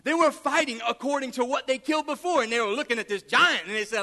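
A male pastor with a very high, bright voice preaches with forceful emphasis and repeats his points. He acts out the quoted dialogue as he goes. His voice rings with a long reverb through a large hall. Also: fast talker, few pauses. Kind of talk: sermon.

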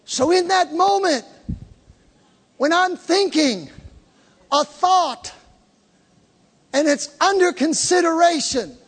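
A man's voice: very high voice, lively intonation, takes it slowly, pauses often, fairly bright tone. A man preaching a sermon to a congregation, emphatic, repeating key words and drawing the crowd into call and response. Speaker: pastor. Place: church hall with live congregation. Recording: long reverb of a large hall.

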